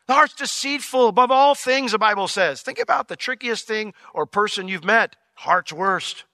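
Bright, animated preaching man. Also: moderate pace, no room sound, studio quality. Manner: animated, conversational, acts out quotes with sudden pitch jumps. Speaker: pastor. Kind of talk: sermon, verse-by-verse Bible teaching.

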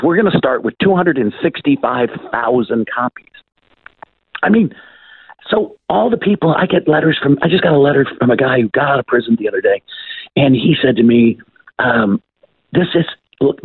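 A man's voice: mid-range voice, husky, no echo. Chatty man on a tinny line. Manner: chatty, repeats words, retells calls in quoted voices. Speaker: author and guest. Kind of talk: casual storytelling interview. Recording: tinny phone-line sound.

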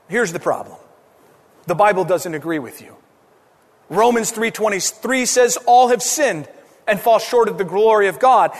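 A male pastor preaching an impassioned sermon, swinging from raised emphatic lines down to hushed, quiet ones. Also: high voice, big-room sound. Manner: impassioned preaching with sweeping rises and hushed drops.

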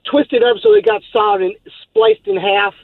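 Man, radio caller, rambling story, high voice, dry phone-line sound. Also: very animated, normal speed, creaky, no room sound. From Texas. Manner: rambling, laughing, many fillers.

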